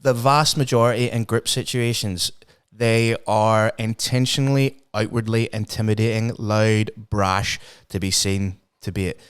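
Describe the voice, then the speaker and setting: A man's voice: fairly low pitch, fairly even intonation, unhurried, clean tone. A man co-hosting a podcast, giving his opinions emphatically in casual chat and swearing freely. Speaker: podcast co-host.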